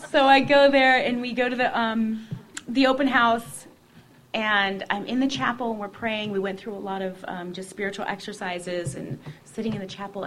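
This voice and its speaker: A woman telling her personal faith story in an expressive, conversational way, often dropping to a hushed voice. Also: mid-range voice, a little hiss or hum. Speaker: guest sharing her testimony.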